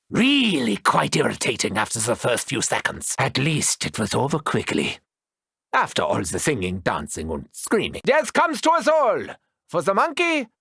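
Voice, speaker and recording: An actor playing an unhinged, cruel male mad scientist doctor in a video game, with gleeful, theatrical, mocking delivery and a gravelly edge. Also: very high voice, sharp tone, dry recording, studio quality, heavily acted.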